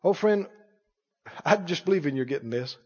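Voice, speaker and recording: Male preacher, high and very animated delivery, emphatic, quizzes the congregation. Muffled hall recording. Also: moderate pace, breathy edge. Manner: emphatic, questions the congregation, quotes scripture. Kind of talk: sermon.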